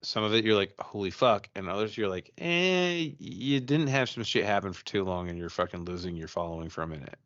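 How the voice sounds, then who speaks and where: A man's voice: low-pitched, fast talker, hardly any pauses, no room sound, highs cut off. A man co-hosting a podcast, chatting casually and telling a ghost story, profane and rambling with many restarts. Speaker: podcast co-host.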